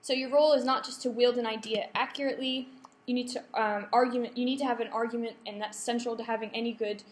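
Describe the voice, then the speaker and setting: A woman's voice: on the high side, steady tone, fast. Woman lecturing with ums in a roomy hall. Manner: explanatory, with frequent ums and self-corrections. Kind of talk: academic writing workshop talk. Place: lecture room. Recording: echoey lecture room.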